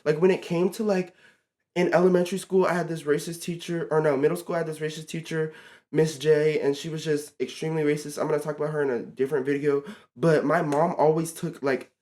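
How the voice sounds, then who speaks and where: A teenage guy with a slightly higher than usual voice tells a storytime vlog fast and casually. He gets animated and exasperated, leaning on fillers and repeating himself as he recounts what happened.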